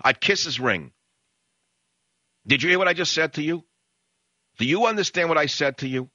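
A combative male talk radio host rants through an opinionated monologue and keeps firing rhetorical questions at the listener. His pitch swings widely and his tone is bright and forceful. The sound is dry and a little dull, like a muffled broadcast studio. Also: expressive, normal speed, no room sound.

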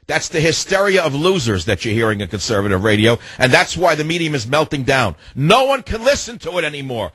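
A male talk radio host with a husky, slightly rough voice and a dry, close studio sound. He rants and mocks with a combative edge. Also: on the high side, sing-song, a little fast, few pauses, fairly bright tone, no room sound. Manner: ranting, scornful, mocking, cuts callers off.

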